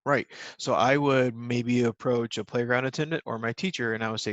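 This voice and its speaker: A man's voice: mid-range voice, fairly even intonation, a little fast, hardly any pauses, fairly bright tone, dry recording, highs cut off. Guy giving a patient little lesson to young kids, lots of ums, dry room. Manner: patient, simple wording, many ums. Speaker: teacher. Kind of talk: recorded lesson for young children.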